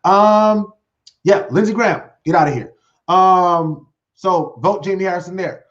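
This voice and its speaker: High-voiced man rambling excitedly. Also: unhurried, highs cut off. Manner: rambling and excited, many fillers and restarts. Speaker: host. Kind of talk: solo livestream talk show. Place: home desk setup with green screen.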